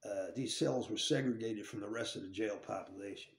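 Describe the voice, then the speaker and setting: A man with a low, fry-tinged voice talks fairly quickly about his time in jail. He swears freely and keeps restarting sentences in a rambling, casual way, and the sound is roomy.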